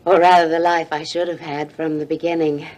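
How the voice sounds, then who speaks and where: A woman's voice: deep voice, little pitch movement, brisk, a little mellow, natural voice. Actress playing an earnest young woman in love. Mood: determined. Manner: earnest, emotional, determined. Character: hopeful young woman leaving her marriage for love. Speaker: soap opera actress. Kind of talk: 1980s TV soap acting.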